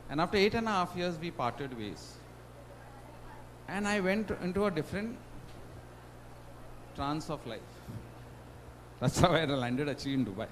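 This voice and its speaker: A man's voice: a little high, sing-song, normal speed, pauses often, slight background noise, poor audio. Emotional Indian man telling his story. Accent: Indian English. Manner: emotional storytelling with dramatic swings in loudness. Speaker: guest speaker at a student induction. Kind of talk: personal testimony talk.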